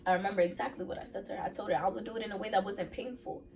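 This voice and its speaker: A woman's voice: medium pitch, steady tone, racing, creaky, darkish tone, far from the mic, faint music behind. A young adult woman telling her personal faith testimony in an earnest, candid way, often repeating phrases for emphasis.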